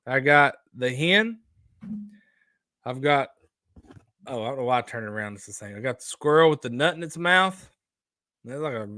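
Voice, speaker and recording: Excitable man hosting live chat. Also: medium pitch, no room sound, clean studio sound. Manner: excitable, rambling, reacts loudly to viewer photos. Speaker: outdoors show host. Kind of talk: casual live-stream chat.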